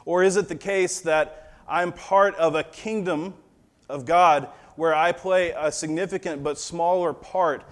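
A male pastor in his thirties reading scripture, then preaching in a relaxed storytelling way with a fatherly touch of humor. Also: fairly high pitch, unhurried. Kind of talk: sermon.

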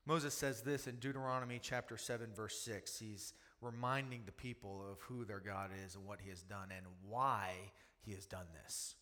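A man's voice: on the low side, fairly even intonation, moderate pace, hardly any pauses, bright, forceful tone, in a large hall. A man preaching a sermon with emphasis, repetition and rhetorical questions. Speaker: pastor.

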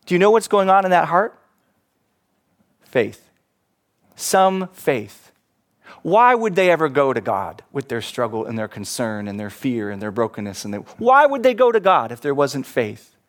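A man preaching a sermon as pastor, animated, acting out quoted voices and laughing at himself. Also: mid-range voice, moderate pace.

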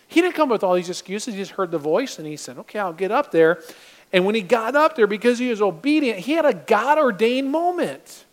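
A man preaching a sermon as pastor, animated and acting out little scenes in different voices. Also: high-pitched, brisk.

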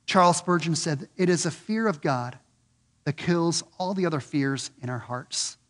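Earnest high-pitched male preacher. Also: normal speed. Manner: earnest, repeats questions for emphasis; rises high and loud on key points, drops low and soft on others. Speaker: pastor. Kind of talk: sermon.

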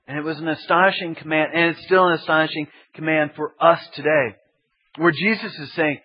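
A male pastor delivers an expository sermon with emphatic, repetitive build-ups. His voice is husky and sits a little high. The recording is dull and lo-fi. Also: steady tone, a little fast.

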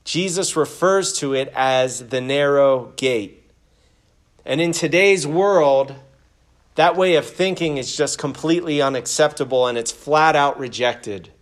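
Slow, earnest man preaching a sermon. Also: fairly high pitch. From United States. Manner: earnest preaching with scripture readings. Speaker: pastor. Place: church.

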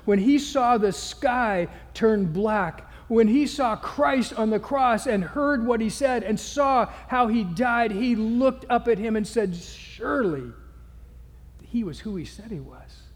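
High-voiced preaching man in a big hall. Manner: preaching with sweeping swings from hushed to loud. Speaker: pastor. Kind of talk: sermon.

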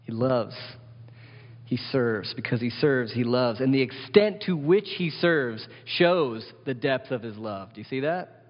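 A man's voice: medium pitch, lively intonation, measured pace. A man preaching a sermon as pastor, emphatic, often asking the congregation questions. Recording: dull sound with long hall reverb.

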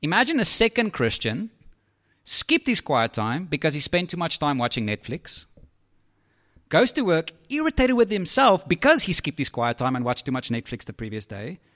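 Animated male preacher. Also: a little high, normal speed. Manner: animated, conversational preaching with asides. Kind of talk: sermon.

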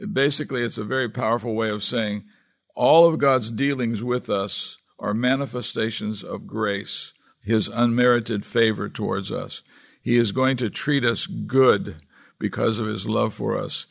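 Gravelly-voiced man preaching a sermon. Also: mid-range voice. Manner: earnest expository preaching, reading and explaining scripture. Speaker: pastor.

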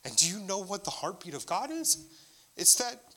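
Pastor, male, middle-aged: sermon delivered as candid personal storytelling, higher than average pitch. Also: moderate pace. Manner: conversational storytelling, candid and animated.

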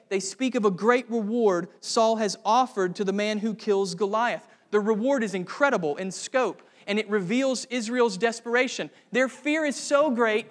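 Male pastor with a high voice, earnest sermon delivery that rises to fervent emphasis, long hall reverb.

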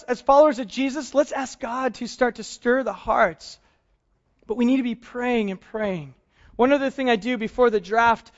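A middle-aged male pastor with a high voice gives a casual, story-driven sermon, swinging between animated retellings of conversations and quieter, earnest moments. The recording sounds a little muffled. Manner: animated storytelling, acts out both sides of dialogues, self-deprecating humor. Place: church service.

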